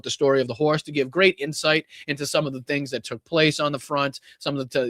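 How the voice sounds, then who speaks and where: A man's voice: mid-range voice, no echo, studio quality. A man with a Boston accent hosting a political livestream podcast, blunt and rambling with lots of fillers and the odd curse. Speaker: podcast host. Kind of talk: casual livestream talk.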